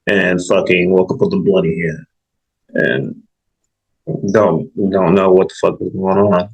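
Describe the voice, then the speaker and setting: A man chatting casually on a podcast, talking bluntly and swearing often, with a gravelly, husky voice. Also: sits low, low-quality recording. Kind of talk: casual chat.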